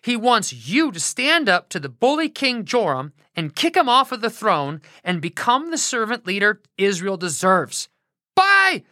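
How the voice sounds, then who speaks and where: A woman voicing a jumpy young male intern prophet who talks in a hurried, panting way. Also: mid-range voice, big pitch swings, bright, forceful tone, no echo, studio quality. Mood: eager.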